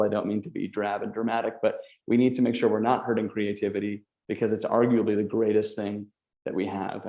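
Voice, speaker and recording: A man's voice: lowish voice, vocal fry, warm tone, roomy sound. A man speaking as an entrepreneur on a webcast panel, giving earnest, urgent advice.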